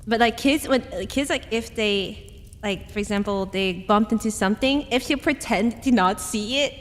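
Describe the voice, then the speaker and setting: Casual-chat streamer, woman: high, giggly, rambling, long hall reverb. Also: normal speed. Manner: giggly, laughs often, rambling. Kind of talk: casual chat reading chat comments.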